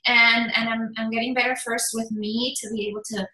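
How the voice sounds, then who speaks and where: A woman in her forties, a fitness business coach, giving an energetic motivational talk in emphatic bursts. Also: a little high, fairly quick. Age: 40s. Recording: echoey room.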